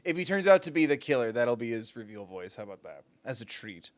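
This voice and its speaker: A man's voice: mid-range voice, big pitch swings, fast talker, dry recording. A man streaming a game live, chatting casually and self-deprecating, laughing often. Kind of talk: casual live gameplay commentary.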